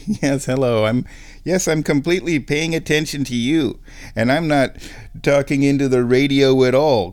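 A man hosting a casual show at his microphone, playful, dropping into high baby talk for his cat. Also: a little mellow. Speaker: radio host. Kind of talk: casual chat. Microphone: studio microphone.

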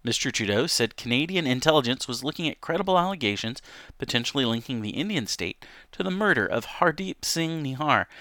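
A man's voice: medium pitch, sharp tone, no room sound, studio quality. A man casually reading news stories aloud on a livestream, with frequent ums, self-corrections and asides to chat. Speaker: livestream host.

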